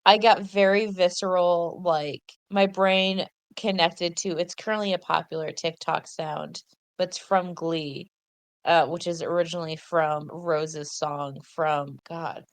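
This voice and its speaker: A woman's voice: fairly low pitch, steady tone, measured pace, no echo. Dry-sounding woman podcast co-host. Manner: enthusiastic, trails off and corrects herself mid-thought. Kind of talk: casual chat.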